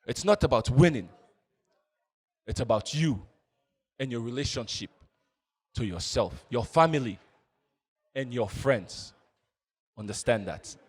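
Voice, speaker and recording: A man reading a male football coach's motivational speech slowly and solemnly, with deliberate pauses. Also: medium pitch, animated, a little mellow, breathy edge, long reverb tail.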